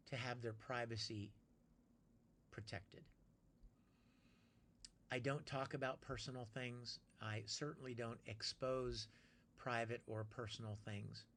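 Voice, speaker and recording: A man's voice: mid-range voice, slow pace, long pauses, a bit bright. A man hosting a casual live stream, chatty and friendly, answering viewers by name and plugging his projects. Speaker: live streamer reading chat.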